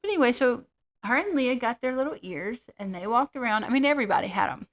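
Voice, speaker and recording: A woman's voice: on the high side, animated, fast. A middle-aged woman co-hosting a casual chat, telling rambling, self-deprecating stories. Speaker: co-host.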